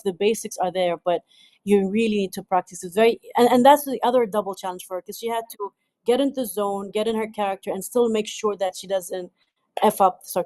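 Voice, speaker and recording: A woman from the United Arab Emirates, a film director, answering interview questions in a lively way with frequent restarts and laughter. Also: medium pitch, no echo. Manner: animated, laughs often, many restarts.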